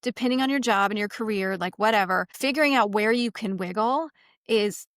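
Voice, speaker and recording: A woman hosting a podcast, speaking in a relaxed, reflective way with frequent casual fillers. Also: mid-range voice, fairly quick, no echo. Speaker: podcast host. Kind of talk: casual chat.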